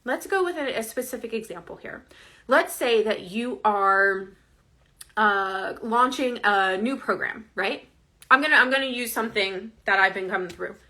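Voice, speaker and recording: A woman's voice: a little high, normal speed, pushed and bright. A woman coaching viewers in a casual, earnest, conversational way, often checking in with "right?". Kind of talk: casual direct-to-camera advice.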